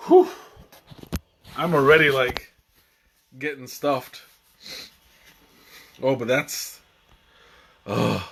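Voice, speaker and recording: A man's voice: mid-range voice, extremely slow, gravelly, pauses often, a bit bright, a little hiss or hum. A young man hosting a live tea tasting stream, chatting casually in a rambling way with restarts and chuckles.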